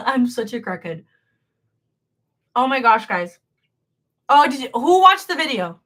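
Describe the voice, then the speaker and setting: A young woman chats on a casual livestream, crocheting as she goes. Her voice is bright and a little high, and she jumps between topics in a bubbly, self-mocking way. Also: animated, moderate pace, long pauses. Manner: bubbly, rambling, self-deprecating.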